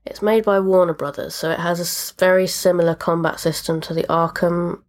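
A woman's voice: lowish voice, little pitch movement, brisk. A woman hosting a podcast, chatting casually and rambling about the video games she has been playing. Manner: chatty, rambling with fillers and asides. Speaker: podcast host.

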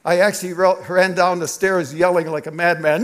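A middle-aged man, a pastor, preaching a sermon through an animated, confessional personal story. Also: high voice, brisk, few pauses, slight background noise.

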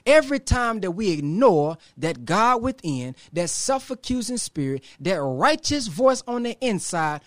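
Male motivational speaker, high voice, dry close mic, preacherly with dramatic pauses. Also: big pitch swings, dry recording. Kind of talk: motivational talk to a live audience.

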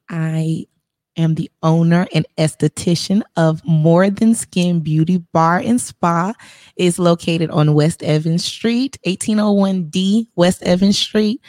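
A woman's voice: on the low side, dry recording, studio quality. A woman, a spa owner and esthetician, chatting casually as a guest and laughing often. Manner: laughs often, relaxed and encouraging. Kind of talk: casual interview chat.

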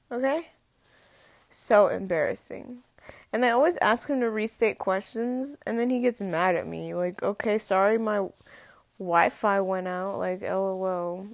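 A teenage girl ranting casually to the camera, slangy and exasperated, with a raised pitch and a lot of vocal fry. Her voice sits close and dry, with no room sound around it. She drags out her words with a drawl. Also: no room sound. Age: teens. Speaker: student vlogger.

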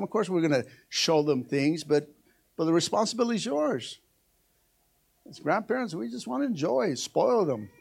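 High-voiced older man preaching with fervor. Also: gravelly, breathy edge. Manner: energetic preaching with frequent "amen" and "come on, somebody", climbing to shouts. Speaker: pastor. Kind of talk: preached sermon.

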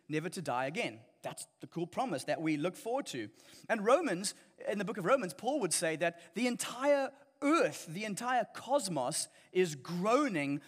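A man's voice: a little high, in a large hall. A man preaching a sermon as a pastor, earnest and emphatic, often restarting his phrases.

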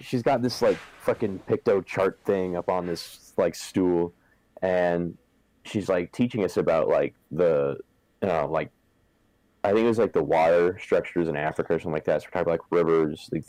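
A man's voice: low voice, a little fast, a little mellow, no room sound, poor audio. A young man from Southern California in casual chat, rambling with lots of swearing and filler words.

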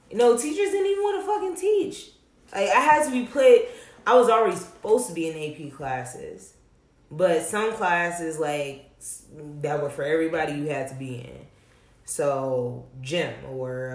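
A young woman with a fairly low voice talks candidly, cursing freely and telling stories with lively emphasis. The sound is roomy, with a noticeable echo around her. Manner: blunt, profane, animated storytelling. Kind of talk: casual candid chat.

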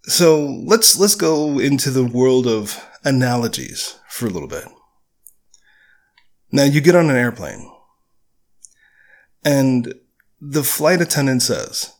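A man hosting a solo podcast, talking in a blunt, candid way with casual swearing and slow, deliberate phrasing. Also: medium pitch, sing-song. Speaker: podcast host.

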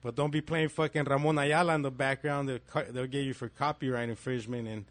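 A man's voice: mid-range voice, steady tone, brisk, no room sound. A man in his thirties telling a profane story in casual chat, acting out the messages he quotes.

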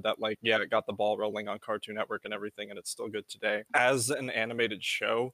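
A man's voice: fairly low pitch, fairly bright tone, no echo. A man co-hosting a casual podcast chat, arguing his points at length with fillers. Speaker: podcast co-host.

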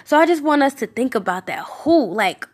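A woman's voice: high voice, expressive, quick pace. A woman giving a devotional podcast sermon. She speaks earnestly and casually, with fillers and restarts, and her voice rises when she repeats a question for emphasis. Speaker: podcast preacher.

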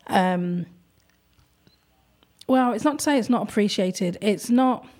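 A woman who runs an art gallery, talking in a thoughtful, hesitant way with many pauses and ums. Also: mid-range voice, darkish tone. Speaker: gallery owner. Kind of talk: casual conversation.

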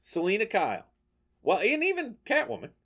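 A man co-hosting a podcast in casual chat, animated and profane, acting out voices as he talks. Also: high-pitched, normal speed, vocal fry, slightly rough. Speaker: podcast co-host.

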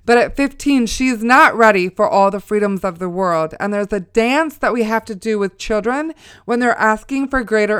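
Middle-aged woman, smooth voice, earnest Christian storyteller who exhorts listeners. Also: medium pitch, no echo, studio quality. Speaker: mother sharing a faith testimony.

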